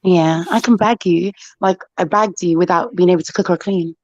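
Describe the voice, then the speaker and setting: A woman's voice: fairly low pitch, steady tone, normal speed, a little mellow, no echo, muffled recording. A woman from the United Kingdom with a Jamaican patois accent, a guest on a stream who chats in a blunt, bawdy, teasing way. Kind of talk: casual chat.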